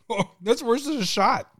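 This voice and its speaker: A man's voice: very high-pitched, lively intonation, unhurried, a bit bright, no echo, studio quality. A man co-hosting a casual podcast, laughing, swearing and rambling loosely. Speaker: podcast co-host.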